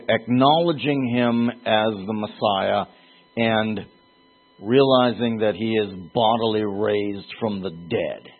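A man teaching from the Bible in a conversational sermon, rising in pitch and force when he drives a point home. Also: husky. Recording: phone-like lo-fi audio.

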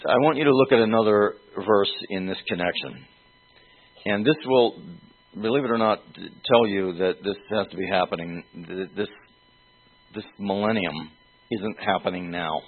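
A man preaching an expository sermon, teaching slowly and deliberately with pauses and fillers. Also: on the low side. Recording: tinny phone-like sound.

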